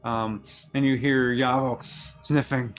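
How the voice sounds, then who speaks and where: Halting male game master. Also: mid-range voice, steady tone, soft background music. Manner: halting, restarts often. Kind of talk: narrating a tabletop game.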